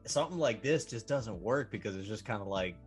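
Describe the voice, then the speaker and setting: A man's voice: fairly low pitch, a little fast, faint music behind. Laid-back young man chatting about movies. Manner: animated, does goofy impressions of film lines. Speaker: podcast co-host. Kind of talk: casual film chat.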